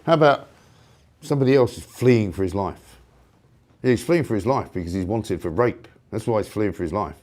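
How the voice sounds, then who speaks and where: A man hosting a live talk show, delivering a sarcastic, indignant opinion rant with loud outbursts. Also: fairly low pitch, expressive, moderate pace.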